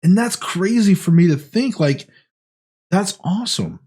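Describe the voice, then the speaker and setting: A man's voice: high-pitched, expressive, a little slow, a little mellow, breathy edge. Earnest rambling man vlogging. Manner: earnest, rambling, many restarts. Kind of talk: casual diet vlog.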